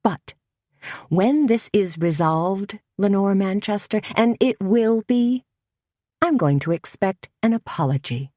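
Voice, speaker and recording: Woman reading as a brisk middle-aged café owner, firm and clipped, dry audiobook sound. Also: mid-range voice, animated, mellow, no echo, pitched above the performer's own voice.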